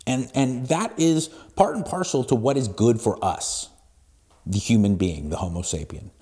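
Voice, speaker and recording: A man in his forties hosting a solo podcast, giving motivational talk in an emphatic, blunt way that swings between hushed asides and loud pushes. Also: medium pitch, lively intonation, moderate pace. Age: 40s. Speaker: podcast host.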